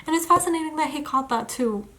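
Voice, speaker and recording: A woman's voice: sits high, fast talker, pushed and bright. Gushing young woman reviewing a book. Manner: effusive and heartfelt, gushing with emotion. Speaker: book vlogger.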